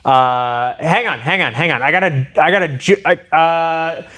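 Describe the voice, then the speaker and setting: A man live-streaming a demonstration of improvised weapons. He talks to his chat in an excitable, playful way. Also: on the high side, moderate pace. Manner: excitable and playful, addressing viewers directly.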